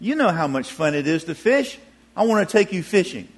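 A man's voice: high voice, sing-song, a little fast, slightly rough, heavily acted. A man voicing a cheerful grandfather, eager and friendly. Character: cheerful grandfather keen on fishing.

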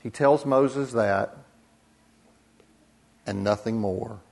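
Deliberate male pastor preaching. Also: fairly low pitch, creaky. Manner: deliberate, with dramatic pauses and soft drops for emphasis. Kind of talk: sermon.

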